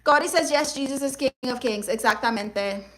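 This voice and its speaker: Loud, brash young woman, high bright voice. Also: normal speed, poor audio. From Puerto Rico and Guatemala. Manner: loud, brash and exclamatory, mixing in Spanish slang. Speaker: livestream comedian reading viewer comments. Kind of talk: sassy comedic livestream chat in character.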